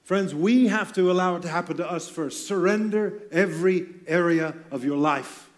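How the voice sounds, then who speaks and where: Male preacher, high voice, earnest and emphatic sermon delivery with wry asides. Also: moderate pace. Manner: earnest, emphatic, with light self-deprecating humor. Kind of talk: sermon to church leaders.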